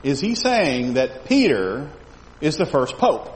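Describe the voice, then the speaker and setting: A man's voice: medium pitch, sing-song, takes it slowly. A man teaching a Bible study class. He reads scripture aloud, asks his listeners questions and often repeats words while he thinks. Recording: echoey hall with faint background noise.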